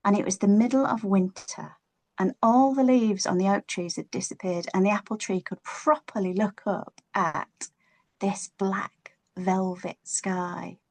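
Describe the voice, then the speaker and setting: Female storyteller, expressive children's tale, playful delivery. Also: medium pitch. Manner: expressive, playful, drawn-out words.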